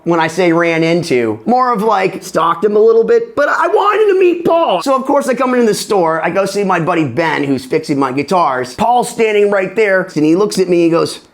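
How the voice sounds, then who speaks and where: A guitar reviewer from Massachusetts tells his story in a high, bright voice that swings widely up and down. He is animated and playful, jumping into different voices for the people in his tale. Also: moderate pace, hardly any pauses. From Massachusetts, USA. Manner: animated, acts out voices in anecdotes. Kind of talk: storytelling to camera.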